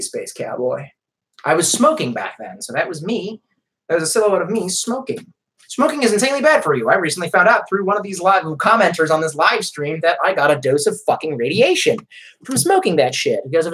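Male streamer, casual and profane, rambling through chat comments; very animated pitch. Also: a little fast, husky. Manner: profane, rambling, self-deprecating. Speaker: live streamer.

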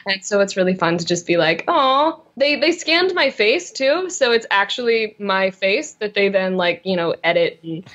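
A young woman talks in a relaxed, bubbly way, laughing at herself and stumbling over restarts as she tells her stories. Her voice sits at a middle pitch. The sound is a little dull and lo-fi, like a remote interview line. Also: normal speed, few pauses. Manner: bubbly, self-deprecating, frequent restarts. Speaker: voice and motion capture actress, guest. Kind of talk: casual interview chat.

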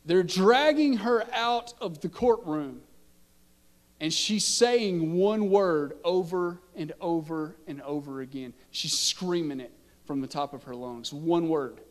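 A man, a pastor telling a story in his sermon and building from quiet narration to impassioned preaching. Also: fairly high pitch, takes it slowly, big-room sound. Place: church sanctuary.

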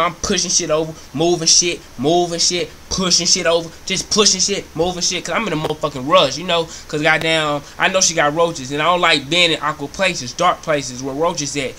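A young man telling a profane comic story in an animated, repetitive rant. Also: fairly high pitch, slight background noise. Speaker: comedy vlogger.

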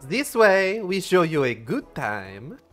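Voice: mid-range voice, big pitch swings, slow, fairly bright tone, soft background music, voice pushed up. A streamer voicing a flirty French woman attendant from a game, with a put-on French accent and a teasing, sing-song manner. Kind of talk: reading game dialogue aloud.

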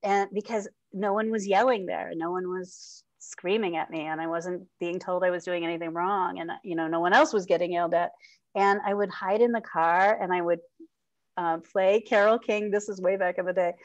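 A woman's voice: fairly low pitch, fairly even intonation, moderate pace, dry recording, dull audio. A middle-aged woman speaking as an interview guest, open and heartfelt, laughing often and restarting her sentences. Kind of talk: candid personal interview.

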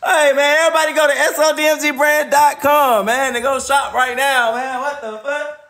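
A man's voice: very high-pitched, flat delivery, normal speed, creaky, bright, forceful tone. A man ranting casually on a livestream, profane and laughing often.

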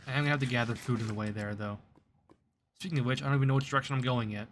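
Man, gameplay commentary, chatty and self-mocking, mid-pitched voice, faint keyboard clicks behind. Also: steady tone, racing, a little hiss or hum. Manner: chatty and self-mocking, talks to the game's creatures. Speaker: streamer and gaming video creator. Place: seated at a computer desk.

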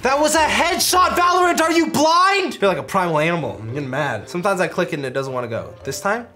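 A young man commentating his own gameplay, loud and excitable, yelping and joking as he gets shocked. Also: high voice, quick pace. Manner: loud, excitable, yelps and jokes under shocks. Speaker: gaming YouTuber.

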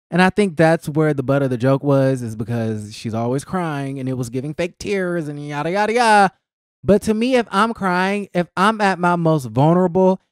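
A man hosting a casual commentary vlog, animated and outspoken, swearing freely, with speech. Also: a little high, smooth, dry recording, clean studio sound. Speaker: host.

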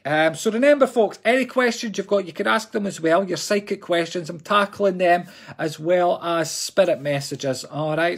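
A man's voice: fairly high pitch, normal speed, breathy edge. A Scottish man, a psychic medium, giving readings on a live stream in a chatty, jokey way and talking to viewers as folks.

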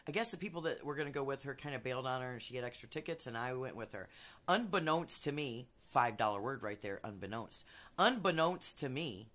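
Animated, foul-mouthed woman vlogger. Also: fast, hardly any pauses. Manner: animated and profane, with big swoops in pitch. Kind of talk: casual storytelling to camera.

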